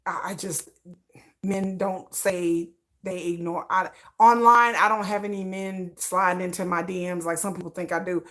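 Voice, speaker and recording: A woman hosting a casual livestream, talking in an animated, dramatic way that swings between high exclamations and low mutters. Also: normal speed. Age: adult parent. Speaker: YouTube channel host.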